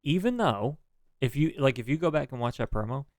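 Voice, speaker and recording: A man's voice: medium pitch, lively intonation, brisk, dry recording, clean studio sound. A man co-hosting a podcast, talking casually about wrestling, hedging and swearing freely with many fillers. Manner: profane, hedging, thinks aloud with many fillers. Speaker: podcast co-host.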